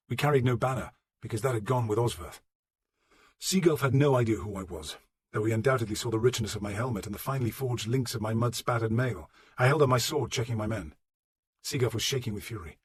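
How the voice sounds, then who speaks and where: A man reading a historical novel as a first-person audiobook narration, measured and low-voiced. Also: husky, no room sound.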